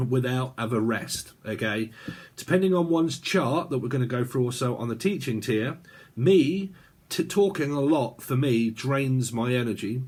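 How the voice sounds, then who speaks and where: A man reads tarot cards in a loose, chatty way, circling back and repeating himself as he goes. His voice has a husky grain, and he sits in a middle pitch for a man. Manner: rambling and repetitive, chatty with frequent fillers. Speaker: tarot reader. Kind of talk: casual spoken tarot reading.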